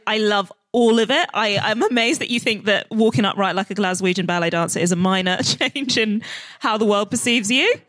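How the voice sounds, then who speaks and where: A woman co-hosting a live comedy podcast, answering with wry, teasing quips. Her mid-pitched voice sounds close and dry. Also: a bit bright, dry recording. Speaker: podcast co-host. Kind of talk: casual comic chat. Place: live show on stage.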